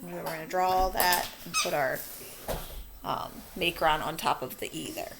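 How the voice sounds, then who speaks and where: A woman teaching a children's spelling lesson, dictating words slowly and walking through how to mark each syllable. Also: fairly low pitch, creaky, background noise. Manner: slow, stretched-out word dictation.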